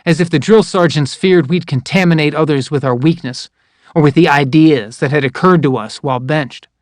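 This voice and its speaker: A man's voice: on the high side, normal speed, no room sound. Dry, close male memoir narrator. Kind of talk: first-person memoir audiobook narration.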